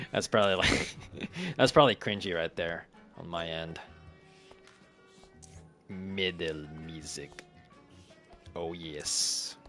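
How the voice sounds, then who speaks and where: Laid-back deep-voiced male game streamer. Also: fairly bright tone. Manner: laid-back, chuckles often, talks to chat. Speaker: gaming streamer. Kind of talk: relaxed gameplay commentary, reading chat. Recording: faint game music behind.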